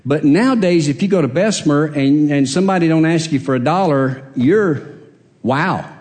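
A pastor from Alabama, USA, tells a personal story in a chatty sermon, his voice on the high side, expressive, a little mellow and at normal speed. Folksy and self-deprecating, he laughs as he goes, and the sound has a big-room quality.

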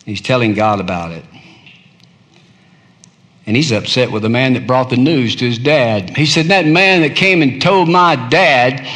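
A man preaching a sermon, swinging between hushed, low murmurs and loud, high-pitched cries. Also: measured pace, big-room sound.

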